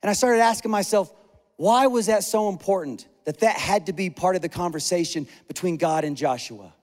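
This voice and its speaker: High-voiced earnest male pastor in echoey hall. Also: brisk. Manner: earnest, emphatic preaching with repeated phrases. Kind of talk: sermon.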